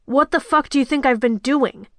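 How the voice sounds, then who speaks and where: A woman voicing a gruff, frustrated young man who speaks curtly and on edge. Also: on the high side, normal speed, a bit bright, no room sound, clean studio sound, natural voice. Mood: irritated. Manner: curt, irritated.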